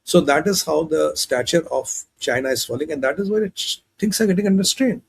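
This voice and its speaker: A man hosting a show of opinionated geopolitical commentary, who talks in an animated way and acts out leaders in quoted dialogue. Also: a little high, fairly quick, vocal fry, slightly rough. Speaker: host and commentator.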